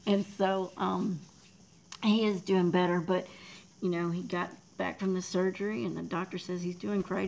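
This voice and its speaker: Lady in her 40s on a livestream, low gravelly voice, soft and emotional, faint hiss behind. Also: rough recording. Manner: emotional, talks softly, drops to near whispers; reads out and thanks viewers in chat. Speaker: livestream host. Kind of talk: casual livestream chat.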